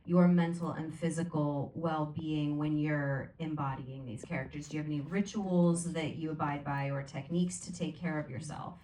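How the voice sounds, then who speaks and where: A woman's voice: sits low, steady tone, moderate pace, hardly any pauses, mellow, a little hiss or hum. A woman moderating an onstage Q&A, chatty and joking, drifting into anecdotes before asking her questions. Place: theater stage before an audience. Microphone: recorded from the audience, far from the stage. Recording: echoey theater from far off.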